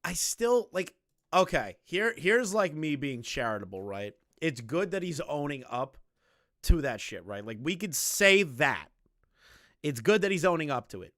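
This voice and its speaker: A young man giving casual reaction commentary, rambling and repeating himself, swinging from loud remarks to low muttering. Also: sing-song, unhurried, no room sound, clean studio sound. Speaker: commentary streamer.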